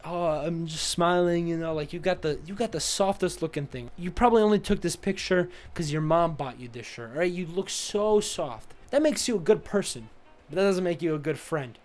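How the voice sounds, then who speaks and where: A man's voice: fairly high pitch, a little mellow. A young man from the United States, casually roasting friends' photos in a chatty, teasing way. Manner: teasing, chatty, full of "you know"s. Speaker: comedic tier list host. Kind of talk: casual comedic commentary.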